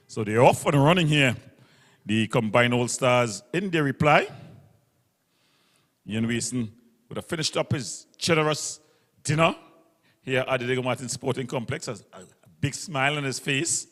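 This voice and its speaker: A man calling a local cricket match ball by ball, brisk and methodical as he walks through the field placings. His voice trails a long reverb. He sits at a mid pitch. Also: a bit bright. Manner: brisk, describes field placings, self-corrects. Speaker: cricket commentator. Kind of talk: live ball-by-ball commentary. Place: local cricket ground broadcast.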